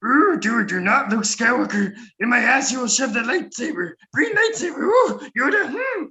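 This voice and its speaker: A man putting on a camp, mocking impression of a tiny old alien master, squeaky and high. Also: sing-song, moderate pace, sharp tone, full character voice.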